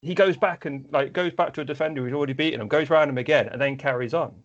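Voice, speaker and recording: A man's voice: fairly high pitch, quick pace. A man telling casual sports anecdotes in a chatty storytelling way, with frequent restarts. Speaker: podcast guest or co-host, flag football player. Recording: slightly dull, lo-fi recording.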